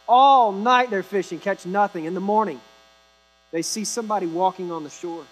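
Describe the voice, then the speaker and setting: A man's voice: high-pitched, normal speed, poor audio. A man preaching a sermon, retelling scripture in a conversational storytelling way with casual asides. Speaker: pastor.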